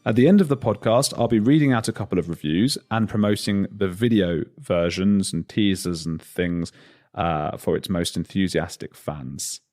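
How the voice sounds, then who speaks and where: A man's voice: low-pitched, moderate pace, darkish tone, soft background music. A man hosting a podcast, chatty and self-mocking, reading an intro and then interviewing a guest. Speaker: podcast host.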